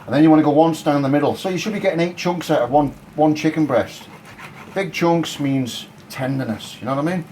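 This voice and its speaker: A man's voice: a little high, a little fast, darkish tone, a little hiss or hum, poor audio. A man giving a casual, cheeky and crude cooking demonstration in his home kitchen. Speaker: home cook.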